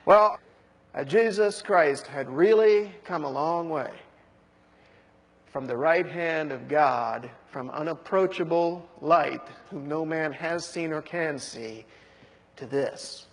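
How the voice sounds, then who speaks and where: A man preaching a sermon, who breaks into high, jeering voices when acting out mockers. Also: a bit bright, in a large hall.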